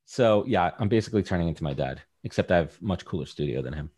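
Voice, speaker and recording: Fast-talking man, candid podcast guest. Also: low voice, lively intonation, a little mellow, husky. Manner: rambling, candid, lots of fillers. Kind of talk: casual podcast chat.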